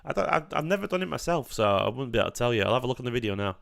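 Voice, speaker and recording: A man with a mid-range voice hosts a live football watchalong in an easy, casual tone. He chats along through the match, breaking into excited reactions at the play and thanking his viewers. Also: mid-range voice, racing, vocal fry. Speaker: fan channel host.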